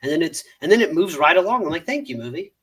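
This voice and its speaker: A man co-hosting a podcast movie review, his voice sitting a bit high for a man. He talks casually and animatedly, swearing freely and breaking into laughter as he acts out scenes in quotes. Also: expressive, quick pace, a bit bright. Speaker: podcast co-host.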